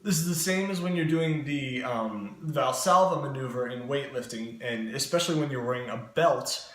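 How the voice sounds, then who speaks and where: A man's voice: mid-range voice, moderate pace, fairly bright tone. Earnest man teaching voice tips in echoey room. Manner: earnest, explanatory, frequent fillers. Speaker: voice coach vlogger. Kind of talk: casual instructional talk. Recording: echoey room with faint ambience.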